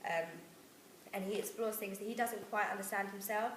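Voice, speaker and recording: A woman's voice: mid-range voice, steady tone, moderate pace. A woman giving a class presentation, talking hesitantly with many fillers. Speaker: student presenter. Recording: echoey room with faint noise.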